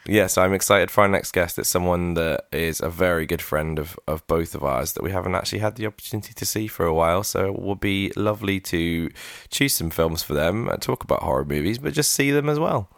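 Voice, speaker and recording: A man's voice: sits low, brisk, vocal fry, hardly any pauses, no room sound, studio quality. A man co-hosting a podcast in casual chat, laughing often and restarting his sentences. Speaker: podcast co-host.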